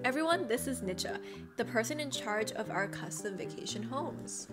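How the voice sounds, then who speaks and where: Cheery young animal coworker guy, woman reading him in her own higher voice, game music. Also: lively intonation, moderate pace, natural voice. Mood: upbeat. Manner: reading game dialogue aloud.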